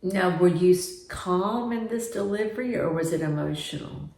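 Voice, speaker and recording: A woman's voice: fairly low pitch, normal speed, gravelly, a little mellow. A woman interviewer who asks questions and interjects short affirmations. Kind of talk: supportive interview. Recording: echoey room.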